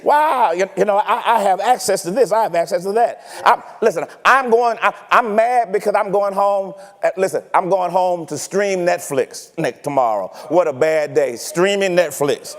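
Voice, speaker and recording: High-voiced preacher in an echoing church. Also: male voice, a little slow. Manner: animated, teasing preaching with rhetorical questions. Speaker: pastor. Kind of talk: sermon. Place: church sanctuary.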